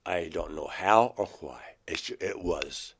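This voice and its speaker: An older man from Georgia speaks as an interview guest with a low voice. He tells his story earnestly and acts out remembered dialogue. His delivery breaks into sudden loud outbursts. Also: animated, a little slow, a little hiss or hum. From Georgia, USA. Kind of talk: recounting personal experiences in an interview.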